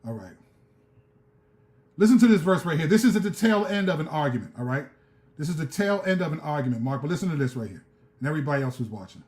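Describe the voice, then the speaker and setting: Male streamer host, fervent street-slang preacher, slightly high voice, echoey room. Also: very animated, rapid-fire. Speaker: show host. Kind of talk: live-stream commentary.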